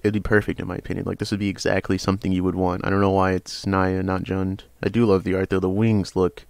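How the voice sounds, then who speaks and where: A young man casually reviewing trading cards, rambling with frequent hesitations and sudden bursts of excitement. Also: low-pitched, quick pace, creaky, no echo. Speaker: card game channel host.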